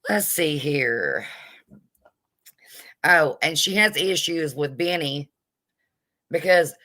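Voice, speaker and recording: A woman with a bright, forceful voice rants bluntly with plenty of sass. Her tone is indignant as she runs a live vlog commentary and stops to greet her viewers. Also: deep voice, lively intonation, takes it slowly. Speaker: vlogger.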